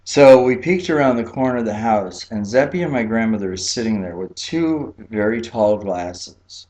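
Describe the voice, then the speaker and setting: A man from Key West, Florida telling a childhood story in a relaxed, chatty way, with frequent fillers and laughs. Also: fairly low pitch, normal speed. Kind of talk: personal storytelling.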